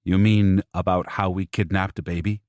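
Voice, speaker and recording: A man's voice: low-pitched, little pitch movement, moderate pace, a little mellow, dry recording, natural voice. A man voicing an anxious young wife and mother whose first language is Spanish, speaking earnestly in an audiobook.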